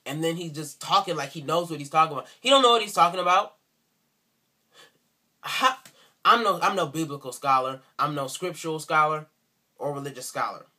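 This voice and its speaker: A man's voice: on the high side, bright, forceful tone. A man speaking in an indignant, sarcastic rant for a response video, repeating himself for emphasis. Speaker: video commentator.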